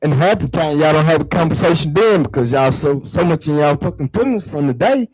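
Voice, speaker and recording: A man hosting his own show, ranting heatedly to viewers about religion and spirituality, swearing a lot and repeating words, swinging from low mutters to loud outbursts. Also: expressive, fairly quick, husky, dry recording, rough recording. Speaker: online show host. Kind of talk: profane spiritual rant to viewers.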